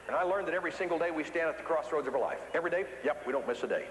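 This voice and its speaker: Folksy man, motivational speaker on stage; a bit high, with long hall reverb. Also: racing, few pauses, background noise. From Ozarks, USA. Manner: folksy, animated storytelling with repetition for emphasis. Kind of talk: keynote speech to an audience.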